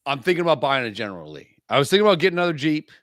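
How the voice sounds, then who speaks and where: This podcast co-host trades crude, profane, provocative jokes in casual banter, his emphasis shifting fast. His male voice is on the high side, very animated and fairly bright, captured in clean studio sound with no room sound.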